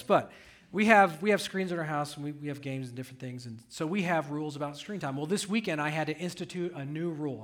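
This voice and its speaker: A middle-aged man preaching a sermon, telling a family story with animated delivery that rises and falls. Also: on the high side. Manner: animated storytelling, voice rising when recounting raised voice. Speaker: pastor.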